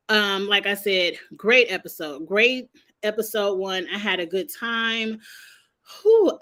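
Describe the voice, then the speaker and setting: Woman, young adult, reality TV recap vlog, blunt, profane, animated, mid-range pitch.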